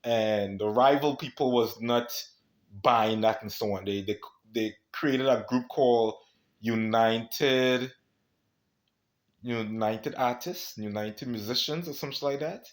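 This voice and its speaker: A man's voice: mid-range voice, slow. A man from the United States talking in a rambling, conspiratorial monologue, constantly checking in with the listener. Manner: rambling, conspiratorial, peppers talk with "you know what I mean".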